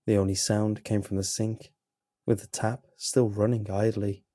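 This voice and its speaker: Slow, dark-voiced male horror narrator. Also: fairly low pitch, little pitch movement, dry recording, clean studio sound. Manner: slow, grim, measured storytelling.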